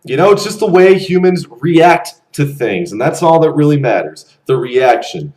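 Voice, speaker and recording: A young man around twenty ranting bluntly to camera, animated and swearing freely. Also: on the high side, moderate pace, rough recording. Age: young adult. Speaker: vlogger. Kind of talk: casual rant to camera.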